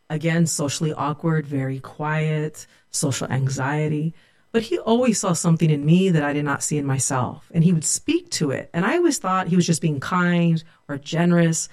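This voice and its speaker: Professor guest, woman; warm reflective storyteller. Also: deep voice. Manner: earnest, reflective storytelling with quoted dialogue. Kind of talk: storytelling interview.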